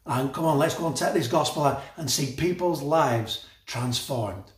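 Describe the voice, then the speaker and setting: Male preacher, fervent sermon delivery, slightly high voice, roomy echo. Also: normal speed. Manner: passionate, laughs often, repeats phrases.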